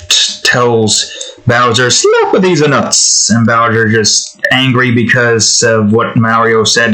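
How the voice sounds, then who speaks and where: A man's voice: medium pitch, sharp tone, rough recording. A young man chatting casually while he draws, rambling from thought to thought, joking and interrupting himself, now and then breaking into off-key snatches of song. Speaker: art streamer. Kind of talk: casual chat while drawing.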